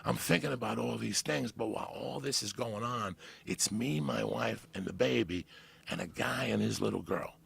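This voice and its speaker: Guy with a real low gravelly voice, swearing a lot, animated story on a podcast. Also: moderate pace. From New Jersey. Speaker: podcast guest. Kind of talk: casual storytelling.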